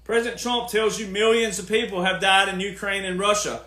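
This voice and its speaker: A man's voice: sits high, level tone, a little fast, few pauses, pushed and bright, echoey room. A man hosting a podcast, ranting casually in an emphatic, sarcastic, lecturing way. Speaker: podcast host.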